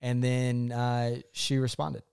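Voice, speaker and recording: A man's voice: mid-range voice, slow pace, gravelly, smooth. A young man, co-host of a chat, telling a personal story casually and acting out what he said back then. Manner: animated, acts out his own past quotes.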